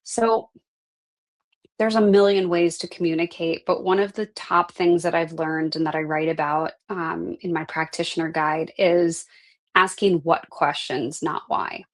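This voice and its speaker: Woman, middle-aged, life coach, lowish voice, earnest conversational teaching. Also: steady tone, unhurried. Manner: earnest, conversational, frequent "right?" tags. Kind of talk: live online class talk.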